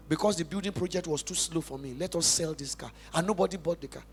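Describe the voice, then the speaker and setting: A young adult pastor from Nigeria with a Nigerian accent, giving an emphatic, passionate sermon testimony in church. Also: male voice, on the high side, fast, husky. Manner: emphatic, passionate preaching with big swings in loudness.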